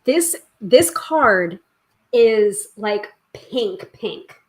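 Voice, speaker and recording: A woman's voice: fairly high pitch, expressive, measured pace, fairly bright tone. A woman hosting a live tarot stream, chatting casually with lots of giggles, fillers and self-corrections. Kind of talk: casual live-stream chat and card reading. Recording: echoey room.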